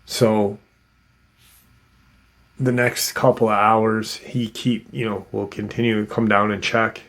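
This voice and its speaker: A man's voice: fairly low pitch, flat delivery, slow, fairly bright tone. A man casually retelling someone's encounter as a story, rambling with lots of fillers and restarts. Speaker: host retelling a witness's encounter.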